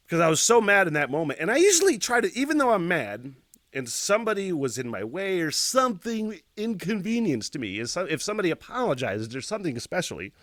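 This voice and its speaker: A man hosting a podcast and telling a story, swearing freely and acting out loud noises. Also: a little high, no echo, studio quality. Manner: profane, expressive retelling with loud sound effects. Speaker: podcast host.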